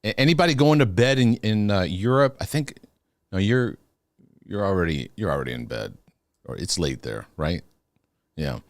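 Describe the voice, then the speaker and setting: A man with a fairly low voice hosts a live Q&A in a loose, chatty way. He laughs easily, stumbles and restarts his phrases as he talks to viewers. The sound is dry and close, with almost no room around it. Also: animated, normal speed, long pauses, no echo. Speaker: host of a live Q&A. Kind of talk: casual live-stream chat.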